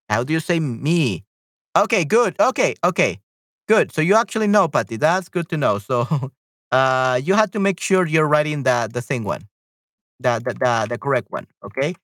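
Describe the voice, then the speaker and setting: A woman teaching a live-streamed language lesson, patiently repeating phrases slowly and translating them. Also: low voice, no echo, studio quality. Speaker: Spanish teacher on a livestream.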